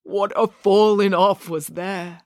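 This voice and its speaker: The narrator voicing the ghost of a murdered king, slow and drawn out, in a home office. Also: medium pitch, fairly even intonation, a little mellow, dry recording, clean studio sound, voice pushed up. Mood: solemn.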